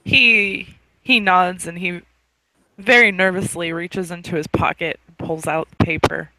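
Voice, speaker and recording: A man narrating a role-play scene in a halting way, with fillers and restarts. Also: high-pitched, steady tone, pushed and bright, dry recording, poor audio. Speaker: role-player.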